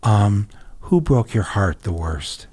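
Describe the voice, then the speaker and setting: This is a man in his sixties hosting a relaxed podcast conversation. He tells stories in a loose, rambling way, circling back with restarts and fillers and dropping jokey asides as he goes. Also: fairly low pitch, slow, husky. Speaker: podcast host. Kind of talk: casual conversation.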